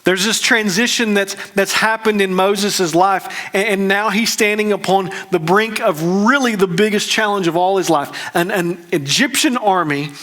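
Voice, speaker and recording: A man, preaching a conversational, emphatic sermon as a pastor with quick restarts. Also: high-pitched, pushed and bright.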